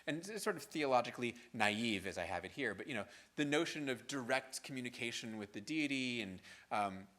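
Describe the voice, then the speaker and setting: A man lecturing a class in an easygoing, chatty manner, his pitch rising and falling as he talks. He keeps tossing in "right?" and "um" while he works through his points. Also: expressive, fairly quick, hardly any pauses, a bit bright. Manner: conversational, frequent "right?" and fillers. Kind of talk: university lecture. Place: lecture hall.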